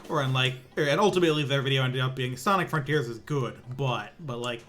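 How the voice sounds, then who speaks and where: A young man with a brisk, mid-range, slightly bright voice streams himself playing pinball. He chats casually and ramblingly, restarting sentences often and tossing in sarcastic asides.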